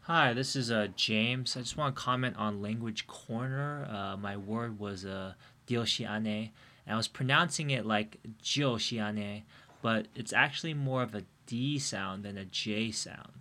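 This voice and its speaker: A man's voice: lowish voice, unhurried, few pauses, pushed and bright. A man co-hosting a podcast in casual chat, rambling with many fillers and restarts. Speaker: podcast co-host.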